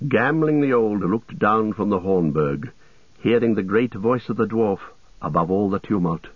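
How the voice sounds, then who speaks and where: Low-voiced guy reading a story, steady, tinny dry radio sound. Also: normal speed, dry recording. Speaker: narrator. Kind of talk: scripted audiobook narration.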